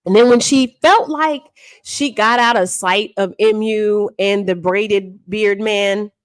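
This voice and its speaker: A woman with a medium-pitched voice speaks slowly while hosting a live stream, and the recording is dry. She's dramatic and theatrical, retelling events in animated storytelling commentary and calling her viewers honey and baby.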